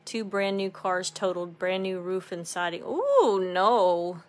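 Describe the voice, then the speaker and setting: Woman, casual live co-host, chatty and quick to laugh. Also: mid-range voice, expressive. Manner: chatty, laughs often, reads viewer comments aloud. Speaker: craft channel co-host. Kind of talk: casual livestream chat while crafting.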